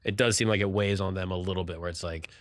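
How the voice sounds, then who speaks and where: A man's voice: sits low, fairly even intonation, fast, dry recording, studio quality. A man hosting a casual interview, a stand-up comedian himself, laid-back and asking follow-up questions. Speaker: podcast host, stand-up comedian.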